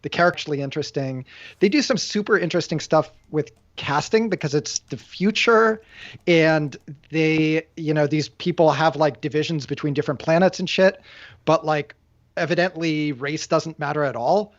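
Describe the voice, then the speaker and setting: A man's voice: fairly high pitch, normal speed, no room sound. A man hosting a podcast in casual chat, rambling with lots of filler words. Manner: rambling, heavy use of "like". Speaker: podcast host. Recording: dry, dull lo-fi sound.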